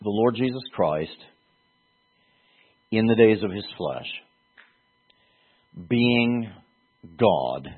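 A man teaching a Bible passage in a sermon, speaking haltingly and repeating words for emphasis. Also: lowish voice, expressive, breathy edge. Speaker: preacher. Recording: tinny phone-like sound.

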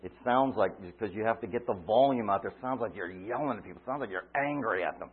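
A man preaching a sermon, retelling a story dramatically, swinging from loud cries to quiet asides. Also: on the low side, fast talker, slightly rough. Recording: tinny phone-like line.

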